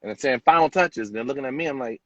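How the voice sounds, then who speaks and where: A man, a hairstylist, telling a lively story in an interview and acting out the people in it. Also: mid-range voice, very fast, dry recording, lo-fi sound. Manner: animated storyteller acting out quotes. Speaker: celebrity hairstylist, guest.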